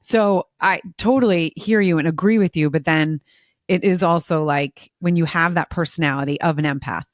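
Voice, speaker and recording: A woman's voice: low voice, moderate pace, dry recording, clean studio sound. A woman in her forties, a mother and podcast co-host, chatting in an open, emotional way and laughing often. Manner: talkative, expressive, laughs often. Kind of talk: casual emotional chat.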